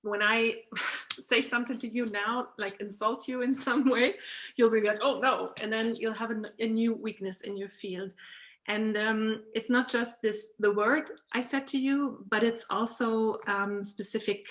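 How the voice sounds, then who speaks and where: Speaking a bit slowly in a slightly high, somewhat bright voice with fairly even intonation, a woman from Germany talks casually as a guest coach on a video call. She has a German accent and laughs frequently as she explains, with plenty of ums.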